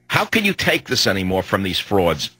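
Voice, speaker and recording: A man's voice: deep voice, huge pitch swings, normal speed, sharp tone, slightly rough, no echo, rough recording. A combative talk radio host, a man in his sixties, delivering an emphatic, hectoring monologue on a studio microphone.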